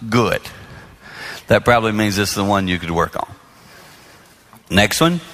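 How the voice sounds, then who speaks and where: Animated man in his sixties preaching. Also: fairly low pitch. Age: 60s. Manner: animated storyteller acting out dialogue. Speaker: pastor. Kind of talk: sermon on marriage. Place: large hall before an audience. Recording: long hall reverb.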